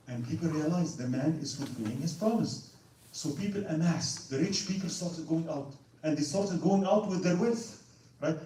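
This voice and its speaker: A man giving an animated religious history lecture, acting out quotes and asking "right?". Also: fairly high pitch. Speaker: Islamic lecturer. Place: large mosque hall. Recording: echoey hall, distant mic, faint noise.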